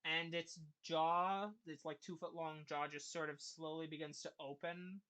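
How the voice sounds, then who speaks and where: A game master narrating a tabletop game scene in a rambling way, full of pauses and restarts. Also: medium pitch, flat delivery, sharp tone, clean tone. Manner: rambling, many fillers and restarts.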